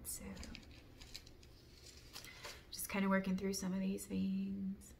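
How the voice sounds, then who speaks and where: Rambling woman with a gravelly fry. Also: mid-range voice, level tone, unhurried, long pauses, a little hiss or hum. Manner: meandering, many "like"s, drifts into soft whispers; reads an apology mantra in a lifted, earnest voice. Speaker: spiritual podcast host. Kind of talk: reflective personal monologue.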